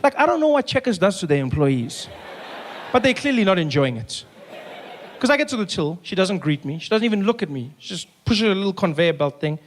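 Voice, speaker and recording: A middle-aged man with a South African accent doing stand-up comedy, animated and repetitive, jumping into voices and sound effects. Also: high-pitched, a little fast.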